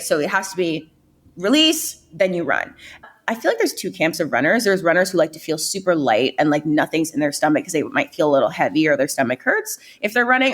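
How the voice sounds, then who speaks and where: Chatty lively young New York woman. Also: fairly low pitch. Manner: chatty, open, lively storyteller. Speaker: guest. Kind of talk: casual interview.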